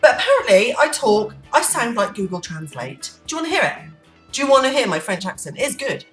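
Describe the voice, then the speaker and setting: A woman rambles playfully through an unplanned vlog chat at home. Her voice is a little high and very animated. She is recorded from some distance in an echoey room, with faint music in the background. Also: a little fast. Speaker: vlogger. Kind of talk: unplanned casual chat to camera.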